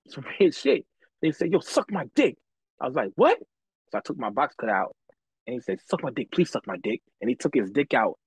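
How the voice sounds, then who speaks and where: On a podcast, a man recounts stories from his own life in loose, slangy, profane talk, laughing a lot as he goes. His voice is husky and medium-pitched, with no echo but poor audio.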